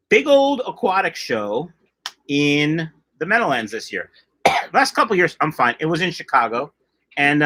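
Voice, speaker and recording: This fish-keeping channel's middle-aged host talks a little high with a sharp tone. He keeps the livestream casual and chatty, joking his way through viewer comments and drifting from the subject.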